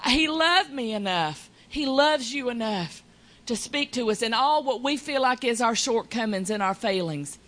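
A woman's voice: a little high, lively intonation, moderate pace, a bit bright. A woman hosting a faith talk show, speaking fervently and full of exclamations and hallelujahs.

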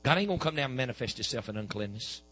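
A man's voice: mid-range voice, lively intonation, racing, fairly bright tone, low-quality recording. A man, preaching a sermon and telling a healing story with quoted back-and-forth dialogue.

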